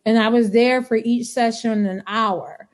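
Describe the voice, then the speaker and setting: A woman guest on a podcast, telling a personal story in casual, animated talk and acting out what people said. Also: a little high, a little slow. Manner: animated, acts out dialogue in quotes.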